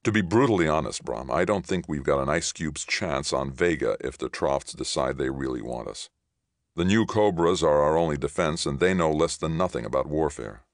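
An earnest, steady middle-aged governor, as a male reader voices him. He speaks in a measured way in a very deep, gravelly voice. The recording is close and dry. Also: no room sound.

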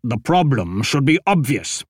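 An audiobook narrator voicing Ashok, a stern young warrior who speaks in clipped, restrained tones. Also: male voice, mid-range voice, very animated, unhurried, husky, dry recording, clean studio sound. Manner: clipped, restrained, through gritted teeth.

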